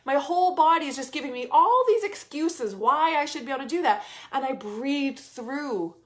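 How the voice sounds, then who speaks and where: A woman's voice: high-pitched, animated, moderate pace. A woman in her thirties giving a casual motivational talk as a business coach, emphatic, repeating phrases and swearing casually.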